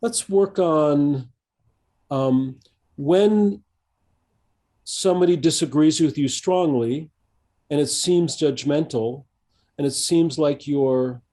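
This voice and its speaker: Older American male coach, mellow and dark-toned, thoughtful interview talk, halting with fillers and restarts. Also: a little high. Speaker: coach, podcast guest. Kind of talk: conversational interview.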